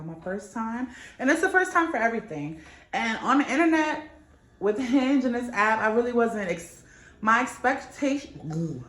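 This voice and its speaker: A woman's voice: on the high side, a bit bright, echoey room. A young woman vlogging in a casual, candid chat, swearing freely as she tells a story. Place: New York.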